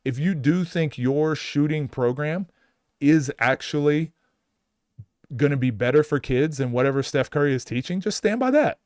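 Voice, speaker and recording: A man's voice: fairly high pitch, fairly even intonation, moderate pace, darkish tone, smooth, no echo, clean studio sound. A man coaching basketball, giving blunt, exasperated live commentary and restarting his sentences often.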